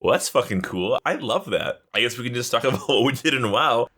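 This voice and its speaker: A man co-hosting a casual gaming podcast, excitable and quick to swear. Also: medium pitch, breathy edge. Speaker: podcast co-host.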